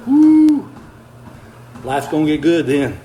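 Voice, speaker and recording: This older man's fairly high, darkish voice is animated at normal speed as he casually reads viewer comments on a livestream from his treadmill. Slightly breathless, he's easygoing and folksy with frequent chuckles, and the rough recording has a little hiss or hum.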